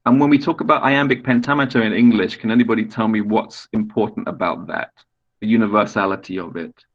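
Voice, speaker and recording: A man's voice: on the low side, fairly even intonation, a little fast, dull audio. A man lecturing on poetry in an online class, explaining patiently, often restarting phrases and asking students questions. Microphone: video call.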